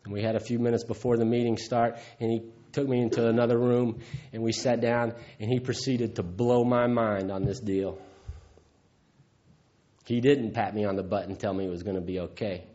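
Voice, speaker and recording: A man's voice: fairly low pitch, fairly even intonation, moderate pace, mellow. A man giving a candid, earthy personal testimony at a recovery meeting, acting out the voices of the people in his story. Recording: dull lo-fi recording.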